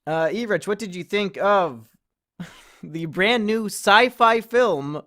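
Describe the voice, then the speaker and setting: A man's voice: high-pitched, slow, bright, forceful tone. A man co-hosting a podcast, joking and teasing in casual chat. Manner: joking, sings a mock theme song. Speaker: podcast co-host.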